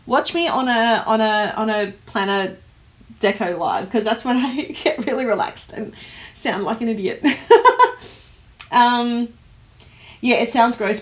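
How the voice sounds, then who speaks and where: An Australian woman hosting a casual livestream, chatting and reading out comments, animated, with frequent laughs and fillers. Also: fairly high pitch. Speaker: host of a planner livestream. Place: home office.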